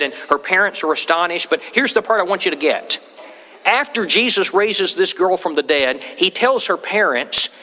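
Folksy preacher in an echoing church. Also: male voice, sits high, pushed and bright. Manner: folksy storytelling with acted quotes. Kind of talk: sermon. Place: church sanctuary. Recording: long hall reverb.

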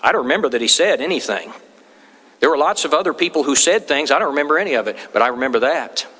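A man's voice: a little high, animated, quick pace, sharp tone, husky. A man preaching a sermon in a church, telling homey stories and quoting people in acted voices. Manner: folksy storytelling with acted quotes. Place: church sanctuary. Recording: long hall reverb.

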